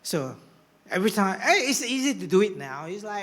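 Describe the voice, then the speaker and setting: A man preaching a sermon as pastor, swinging from hushed whispers to rousing shouts. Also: a little high, animated, brisk. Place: church hall.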